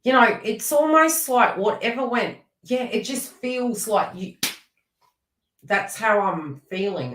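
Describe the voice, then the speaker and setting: A woman's voice: medium pitch, fairly bright tone, reverberant, far from the mic, a little hiss or hum, rough recording. A woman giving a live tarot reading, chatty and teasing as she talks to viewers by name. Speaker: tarot reader.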